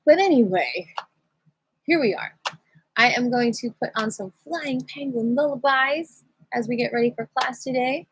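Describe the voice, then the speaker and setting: A woman leading a livestream qigong class in a playful, giddy, chatty way, with slow guided prompts to notice breath and heartbeat. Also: fairly high pitch, husky, no echo, rough recording. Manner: playful, giddy, breaks into sing-song cat voices. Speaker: qigong teacher. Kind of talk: casual livestream class guidance.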